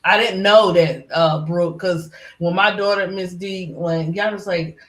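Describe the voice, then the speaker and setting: A woman's voice: on the low side, fairly even intonation, measured pace, reverberant. A middle-aged woman who is a regular on a livestream panel, talking in a casual, rambling way full of fillers. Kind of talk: casual chat.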